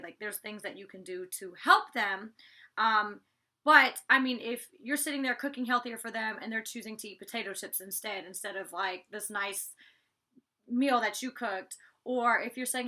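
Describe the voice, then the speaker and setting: Woman, casual vlog recap, chatty, filler words, bright tone. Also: on the high side. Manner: chatty, many "like"s and restarts; talks to her dog mid-recap. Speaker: reality show cast member recapping an episode.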